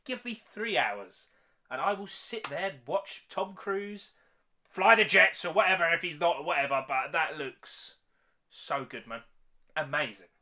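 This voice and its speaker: Excitable British man, high lively voice. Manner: excitable, slangy, keeps saying mate. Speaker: YouTube reaction host. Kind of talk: excited reaction commentary.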